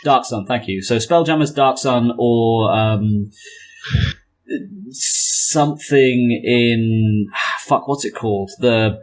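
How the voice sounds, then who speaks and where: A man in casual chat as the game master of a tabletop game. He rambles, trails off and gropes for names mid-sentence. His voice sits at an ordinary middle pitch. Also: slow. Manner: rambling, searching for words, trailing off.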